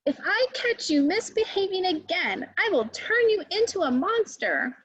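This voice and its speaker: A woman voicing a stern good fairy who scolds in a shrill, exasperated way while reading a picture book aloud, on a dry, dull recording. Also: very animated, normal speed, a bit bright, heavily acted.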